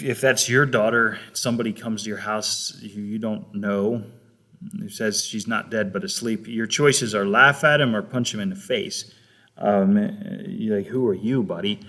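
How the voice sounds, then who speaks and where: A man's voice: mid-range voice, fairly bright tone. Conversational male pastor preaching. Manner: conversational, retelling scripture with rhetorical questions. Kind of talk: sermon.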